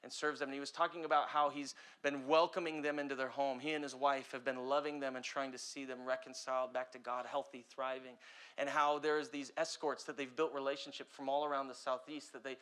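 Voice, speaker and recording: A young man delivers a sermon as a pastor, his voice bright and forward. He preaches with passion, surging loud on urgent points and dropping low and hushed on others. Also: flat delivery, fairly quick, clean tone. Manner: impassioned preaching with big swings between loud and quiet.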